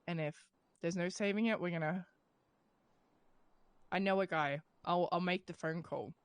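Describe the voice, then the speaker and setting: A woman's voice: fairly low pitch, fairly even intonation, moderate pace, no echo. A woman in a game roleplay giving orders and reassurances in an urgent, take-charge way. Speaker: roleplay player. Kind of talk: in-character game roleplay chat.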